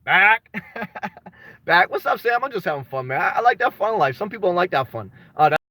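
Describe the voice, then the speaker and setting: Here a vlogger with a high male voice talks fairly quickly, calling out his viewers by name as he reads the chat and slipping into loose anecdotes. Every so often he yells with excitement, and the sound is close-miked with no echo.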